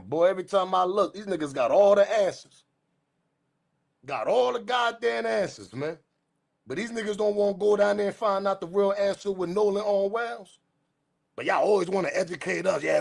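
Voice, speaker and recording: Ranting man with a highish voice. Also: vocal fry. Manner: profane, repetitive, slangy, keeps saying respectfully; animated, swings from muttering to shouting. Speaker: host. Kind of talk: ranting news commentary.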